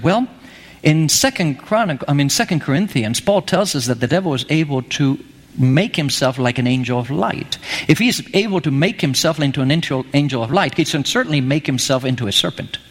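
A man's voice: on the high side, fairly bright tone, in a large hall. A man preaching a sermon, telling a story with animation and acting out the lines he quotes.

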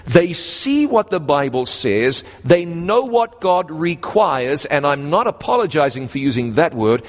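Sharp rises and drops in pitch mark this animated sermon, told as a story by a man from New Zealand with a New Zealand accent. He slows his phrases for emphasis, and the recording carries a long hall reverb.

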